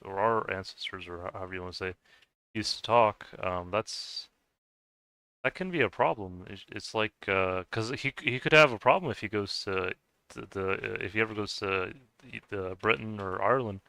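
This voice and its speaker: Rambling, stammering man with a bright voice. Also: on the low side, clear, resonant tone, no echo. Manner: rambling, stammering restarts, laughs often. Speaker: streamer. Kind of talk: casual chat with viewers while gaming.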